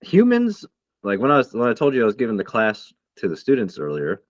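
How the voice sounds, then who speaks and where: A man co-hosting a podcast in casual, profane, rambling chat that turns excitable. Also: on the low side, brisk, no echo. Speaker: podcast co-host. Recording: dull lo-fi dry sound.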